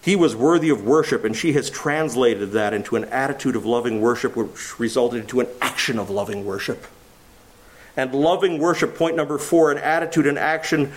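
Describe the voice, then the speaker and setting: A man preaching a sermon with intense delivery, swinging from low and quiet to loud and raised, and stretching key phrases slowly for emphasis. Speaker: pastor.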